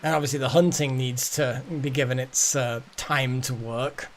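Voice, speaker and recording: A man's voice: mid-range voice, fairly even intonation, normal speed, a little hiss or hum. A man streaming a game, rambling casually to his chat. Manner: rambling, chatty, talks to chat. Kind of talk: casual gameplay commentary.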